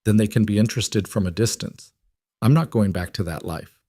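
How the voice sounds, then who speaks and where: A guarded ex-soldier father who answers in short, firm lines, as a narrator voices him. The voice sits low and plain. The sound is dry and close. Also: brisk, warm tone, no room sound, natural voice. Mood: terse firm. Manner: terse, firm.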